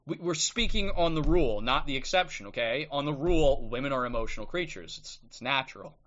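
A man's voice: mid-range voice, lively intonation, a little fast, a bit bright, lo-fi sound. A man hosting a livestream, talking bluntly and combatively, often tagging "okay?", then reading aloud from a book. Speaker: livestream host. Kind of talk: ranting live commentary and book reading. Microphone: streaming microphone.

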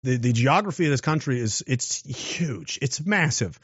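A man's voice: medium pitch, animated, moderate pace, fairly bright tone, breathy edge, no room sound. A man giving a casual monologue, rambling with restarts and rhetorical questions. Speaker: political commentator. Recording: dull lo-fi dry recording.

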